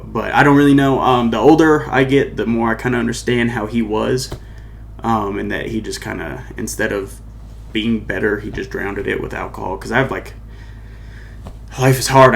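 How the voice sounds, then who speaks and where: A man's voice: fairly low pitch, a little hiss or hum. A young man hosting his own podcast, telling a personal story in a loose, rambling way, full of "like" and "you know what I mean". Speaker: podcast host and musician.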